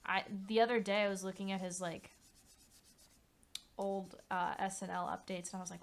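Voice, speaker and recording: A woman's voice: mid-range voice, little pitch movement, normal speed, gravelly, pauses often, slight background noise. A young woman streamer chatting casually while she paints, rambling and candid, swearing now and then.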